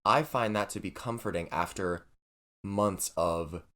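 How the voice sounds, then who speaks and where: A man's voice: low voice, measured pace, fairly bright tone. A teenage boy co-hosting a podcast in casual chat, playful and teasing, slipping into silly voices. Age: teens. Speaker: podcast co-host.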